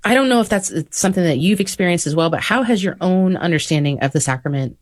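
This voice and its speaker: A woman's voice: lowish voice, animated, quick pace, no room sound, clean studio sound. A woman hosting an interview, earnest and chatty, saying "like" often. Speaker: interviewer, host. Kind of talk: conversational interview.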